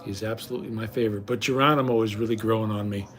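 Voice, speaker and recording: A man's voice: fairly low pitch, fairly even intonation, very fast, fairly bright tone. Rambling folksy older man. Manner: folksy, rambling, frequent restarts and stammers. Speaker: vlogger. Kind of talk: casual rambling chat to viewers.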